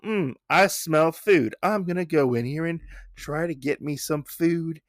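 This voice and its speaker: A man's voice: a little high, a little slow, no echo, clean studio sound, pitched above the performer's own voice, close to an everyday voice. A man voicing a small, hungry young male dinosaur who sounds curious and eager.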